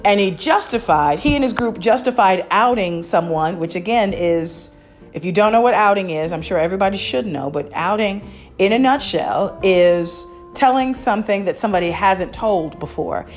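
A woman's voice: mid-range voice, lively intonation, moderate pace, faint music behind. Chatty, opinionated woman podcaster. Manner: candid, opinionated, lots of fillers and restarts. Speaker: podcast host. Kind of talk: casual chat.

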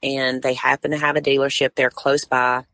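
A woman's voice: rumbling low, flat delivery, moderate pace, fairly bright tone, dry recording. A woman tournament director, a guest on a podcast, telling a story in casual conversation and acting out what others said.

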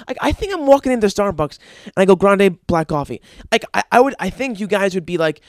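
A young man talks alone on his podcast in a loose, profane, rambling rant. His voice sits a little high and jumps up and down a lot as he gets worked up. The sound is dry and close, with no room echo. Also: sing-song, fairly quick. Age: young adult. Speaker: podcast host. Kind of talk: crude solo podcast rant.

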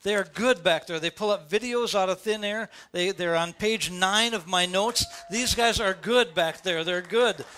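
Bright-voiced older pastor preaching. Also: male voice, high-pitched, moderate pace, few pauses, slight background noise. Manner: preaching with rising emphatic questions. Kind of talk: sermon. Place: church sanctuary before a congregation.

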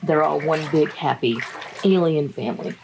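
A woman's voice: low voice, normal speed, creaky, background noise. A woman in a casual, wry book review chat who laughs often between her remarks.

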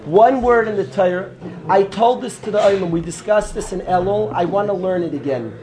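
A man with a notably high voice teaches as a rabbi, lecturing a classroom of students. He repeats key phrases and quizzes listeners by name as he goes. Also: brisk, warm tone, slight background noise.

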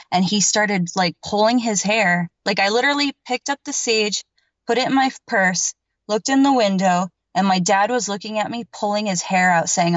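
A woman's voice: mid-range voice, dry recording. A woman recounting her own story to an interviewer in a loose, emphatic way, packing her sentences with filler words and the odd curse. The sound is a little dull and lo-fi, and the room is dead and dry. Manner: rambling and emphatic, heavy on filler words, swears freely. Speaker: podcast guest telling a paranormal story.

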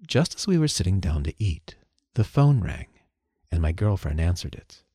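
A man hosting a podcast, narrating a first-person story in a calm, earnest way. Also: low-pitched, moderate pace, slightly rough.

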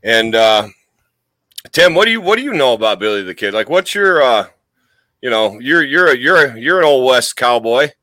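A man's voice: mid-range voice, very animated, normal speed, pushed and bright, no echo, poor audio. A man co-hosting a casual comedy podcast, swearing freely and making colorful folksy comparisons. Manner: folksy swearing with colorful comparisons, mock cowboy drawl at times. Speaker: podcast co-host.

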